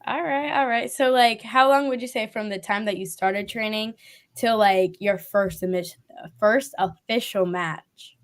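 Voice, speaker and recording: A woman's voice: mid-range voice, unhurried. A woman hosting a casual interview, chatty and enthusiastic, laughing often. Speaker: podcast host.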